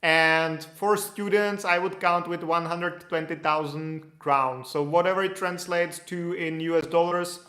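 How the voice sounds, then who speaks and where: A man's voice: a little high, steady tone, unhurried, few pauses, pushed and bright, roomy sound. A man answering viewer questions in a casual, loose explanatory way, with restarts. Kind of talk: casual Q&A livestream.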